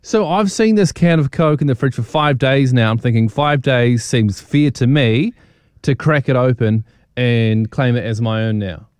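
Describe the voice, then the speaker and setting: A man's voice: medium pitch, darkish tone, clean tone, no room sound, clean studio sound. Bantering New radio host man. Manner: chatty, teasing, quick with jokes. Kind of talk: radio drive-show banter. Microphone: studio microphone.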